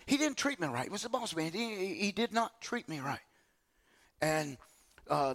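A male preacher with a high voice, telling a story from his own life in a sermon at church. His pitch swings widely as he acts out the other people's lines and repeats words while building up his points. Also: fairly bright tone.

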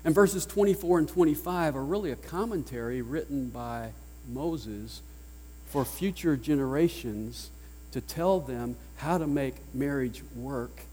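A man with a Southern US accent preaching a sermon as pastor, emphatic, swinging between loud declarations and hushed lines. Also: medium pitch, unhurried, slight background noise. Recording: long reverb of a large hall.

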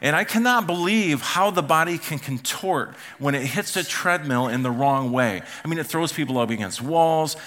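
A man's voice: a little high, lively intonation, moderate pace, few pauses, a bit bright. A middle-aged man, a pastor, preaching a sermon in a church auditorium and telling family stories, acting out the voices of his relatives. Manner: storytelling, acts out family members' voices.

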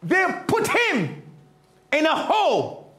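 A man preaching a sermon, retelling a scripture story dramatically and swinging from loud to hushed. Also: very high voice, wildly swooping pitch, slow pace, reverberant.

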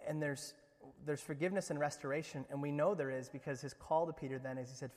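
A man preaching a sermon with earnest passion, swinging from booming declarations to hushed, intimate moments. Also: fairly even intonation, quick pace, big-room sound. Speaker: pastor.

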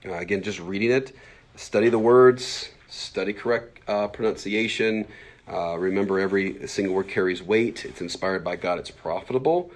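Low-voiced fast-talking man in his forties. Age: 40s. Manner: fast-talking, animated, lots of fillers and acted-out asides. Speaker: pastor teaching a Bible class. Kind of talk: casual classroom teaching.

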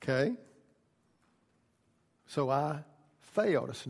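A man preaching a sermon, shifting from quiet, folksy storytelling to loud, impassioned pleading. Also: a little high, animated, slow, creaky, pauses often, slightly rough, long reverb tail. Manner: builds from quiet teaching to shouted pleading. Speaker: pastor.

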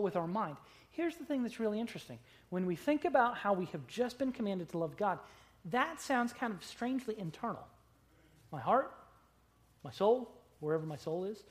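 Delivering a sermon in a high-sitting voice, this pastor keeps it conversational with rhetorical questions, shifting from loud emphasized words to hushed asides.

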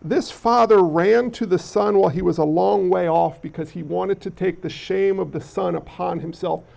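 A pastor delivers a sermon in a high, gravelly voice that sounds a little congested from allergies. He keeps it conversational, putting questions to the congregation as he goes. The recording is dull and lo-fi. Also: normal speed, a little mellow.

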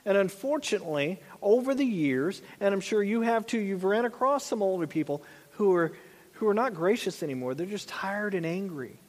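High-voiced pastor in a reverberant church. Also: male voice, animated, moderate pace, darkish tone. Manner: conversational, with frequent asides and restarts. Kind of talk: sermon.

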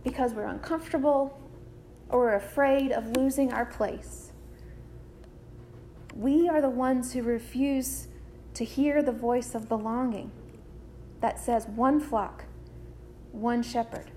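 A woman preaches with a high voice, taking her time over each phrase. Her delivery is measured and deliberate, and she leans on repetition. A faint hiss sits under the recording. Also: mellow. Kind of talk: sermon.

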